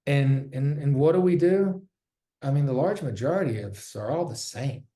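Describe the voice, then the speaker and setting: A man's voice: medium pitch, expressive, normal speed, dark tone. A man who sells real estate, giving a casual, candid talk from his office, joking and swearing freely. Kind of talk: casual presentation. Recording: roomy echo.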